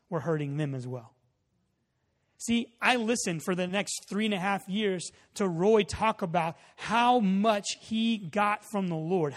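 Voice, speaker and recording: High-voiced pastor in a reverberant hall. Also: male voice. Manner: storytelling, acts out dialogue. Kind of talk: sermon.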